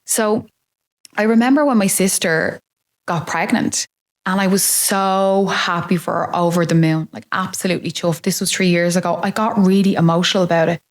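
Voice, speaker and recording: A woman's voice: lowish voice, fairly even intonation, normal speed. A woman in her late thirties, possibly, talking openly and reflectively about her own life as a podcast host. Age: 30s. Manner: open, reflective, confiding. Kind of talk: candid personal monologue.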